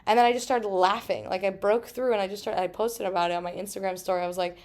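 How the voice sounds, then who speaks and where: A woman in her thirties hosting a solo podcast, talking emphatically with frequent swearing and quick asides. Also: medium pitch, fairly even intonation, darkish tone. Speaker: podcast host.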